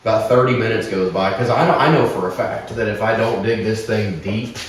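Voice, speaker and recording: A man from Oklahoma, co-hosting a podcast and telling a story in a casual, animated, profane way. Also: fairly low pitch, a little fast, background noise. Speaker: podcast co-host. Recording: echoey room, mic at a distance.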